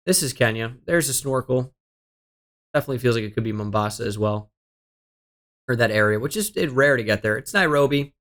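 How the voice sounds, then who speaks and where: A young gaming streamer comments on the game as he plays, his pitch in an ordinary middle range and his tone fairly bright. Brisk and expressive, he pauses often, mutters guesses half to himself, and swears a lot, sounding exasperated and self-deprecating about his mistakes.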